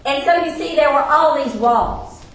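A woman preaching an expository sermon, emphatic and slowing down on key phrases. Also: high voice. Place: church or classroom with a board. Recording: echoey room with faint ambience.

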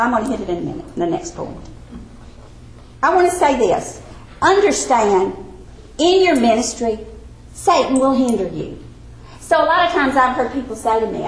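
A woman's voice: a little high, a little hiss or hum. A woman teaching a Sunday school Bible study, earnest and emphatic with folksy asides. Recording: echoey room.

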